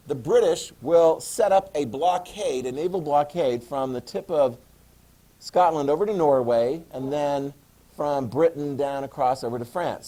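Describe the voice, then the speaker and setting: A man's voice: on the high side, mellow, low-quality recording. A male history teacher giving a class lecture, joking and making chatty asides to his students.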